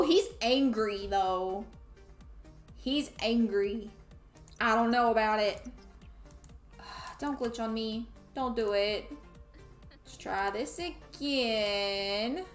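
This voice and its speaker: A woman streams a life simulation game, chatting playfully and scolding her characters in casual let's-play commentary. Her voice is on the high side and sounds reverberant.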